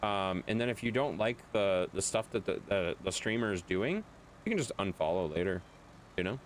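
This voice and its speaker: A man's voice: on the low side, animated, normal speed, a little hiss or hum. A man streaming a video game, chatting casually with viewers, reading their chat aloud and laughing often.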